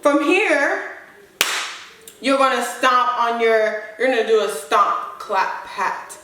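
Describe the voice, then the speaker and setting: A woman dance instructor teaching stepping, counting the moves aloud in a brisk, rhythmic way. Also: fairly high pitch, lively intonation, distant mic, background noise. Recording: echoey room, voice off-mic, loud stomping and claps.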